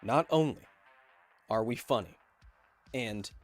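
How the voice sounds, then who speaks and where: A man's voice: medium pitch, slow pace, faint music behind. A man hosting a casual livestream, reading out viewer donations and answering them with playful, self-mocking jokes.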